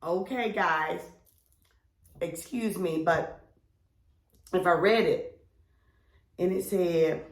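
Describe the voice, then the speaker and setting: Animated, roomy-sounding woman storyteller. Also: fairly low pitch, extremely slow, long pauses. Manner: animated storytelling, acts out quoted friends, swears freely. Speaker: podcast co-host. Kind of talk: casual chat. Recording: roomy echo.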